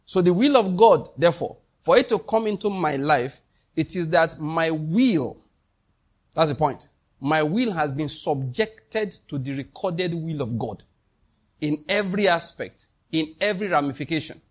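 A man's voice: on the high side, animated, a little slow. A man, preaching a sermon as pastor, emphatic and calling out questions to the congregation.

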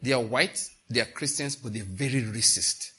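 Male preacher, animated storyteller, husky edge, bright tone. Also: medium pitch, moderate pace. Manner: animated, storytelling with laughter and acted-out quotes. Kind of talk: sermon.

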